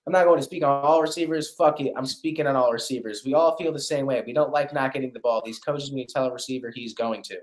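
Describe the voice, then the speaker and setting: An excitable man hosting a loose sports chat, teasing his co-hosts and swearing freely. His voice sits at an ordinary pitch. It carries a noticeable roomy echo. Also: fast talker, hardly any pauses. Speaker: podcast host.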